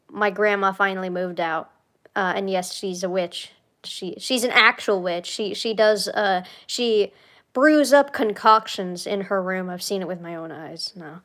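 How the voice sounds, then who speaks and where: A young woman streamer chatting casually and rambling, self-deprecating, swinging from tired sighs to excited squeals. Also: medium pitch, takes it slowly, clean tone. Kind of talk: casual rambling livestream chat.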